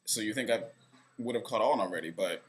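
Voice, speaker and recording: Young male vlogger, lowish voice, rambling and self-mocking, talking straight to camera. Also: brisk, fairly bright tone. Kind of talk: casual direct-to-camera vlog. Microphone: camera facing speaker.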